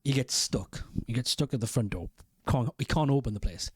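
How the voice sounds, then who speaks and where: A man's voice: mid-range voice, brisk, a little mellow, breathy edge, no room sound. A man talks through a show recap in a loose, rambling way, swearing freely and stopping to correct himself. His voice sits in a mid male register. It is recorded close and dry, with no room sound. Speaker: video host. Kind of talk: casual reaction commentary.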